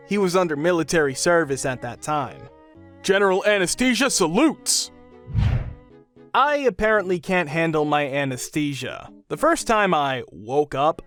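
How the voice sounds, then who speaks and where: A man narrating a string of funny anecdotes in an even, read-aloud storytelling way. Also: fairly high pitch. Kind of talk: reading online anecdotes aloud.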